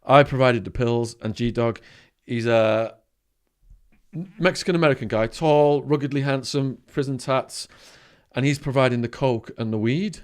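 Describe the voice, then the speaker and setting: A man from Widnes with an English accent, a podcast guest telling animated stories, swinging between loud bursts and quiet asides. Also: mid-range voice, measured pace, clear, resonant tone. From England, Widnes. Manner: animated anecdotes with swearing and sudden quiet asides. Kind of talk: storytelling in conversation.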